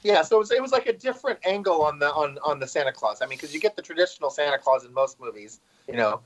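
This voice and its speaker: A man's voice: on the high side, lively intonation, fast talker, lo-fi sound. A man in casual conversation about a movie, chatty and full of "like" and repeated words.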